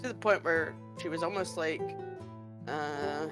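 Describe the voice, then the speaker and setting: A woman's voice: deep voice, unhurried, loud music behind the voice. Woman player, rambling and hesitant. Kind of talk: tabletop role-play chat.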